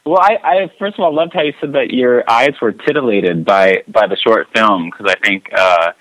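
A man at a medium pitch answers as a guest on an interview show, modest and a bit halting. His voice is dry and sounds set back from the mic. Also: fairly bright tone, dry recording, low-quality recording. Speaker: guest actor. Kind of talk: casual interview chat.

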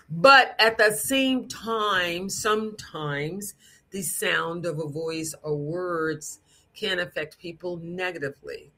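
Slow, bright, frank-toned speaker. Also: mid-range voice. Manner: strong, frank, direct tone; demonstrates sounds with lively put-on voices and bits of song. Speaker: speaker teaching about sound and voice. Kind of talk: unscripted teaching talk.

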